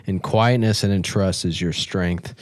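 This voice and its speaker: A man with a very low voice co-hosts a casual church talk show. He talks loosely about faith, full of fillers and quick laughs. The sound is dry and close to the mic. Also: dry recording. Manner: animated, laughs often, many fillers.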